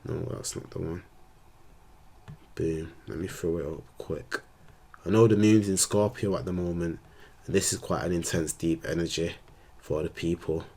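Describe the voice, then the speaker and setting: A man's voice: low voice, fairly even intonation, normal speed, long pauses, warm tone, breathy edge. A man, an astrologer, rambling in slangy casual talk on his vlog. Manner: rambling, slangy, laid-back.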